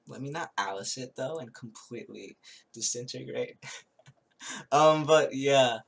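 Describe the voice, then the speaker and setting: A man giving a casual spoken tarot reading, rambling and halting, with many restarts and little chuckles as he recounts a show. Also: medium pitch, gravelly, a bit bright. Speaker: tarot reader.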